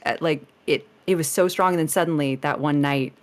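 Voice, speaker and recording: A woman with a notably low voice chats as a guest on a podcast interview. She rambles through her stories, restarting sentences and laughing often. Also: a little fast. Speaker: streamer guest. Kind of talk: casual podcast interview chat.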